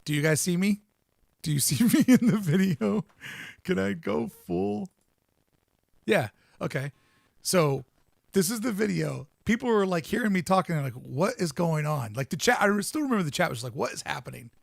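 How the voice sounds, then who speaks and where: A man's voice: sits high, lively intonation, normal speed, vocal fry, pauses often, dry recording, clean studio sound. A man from Southern California, a podcast host giving chatty, casual commentary and laughing often.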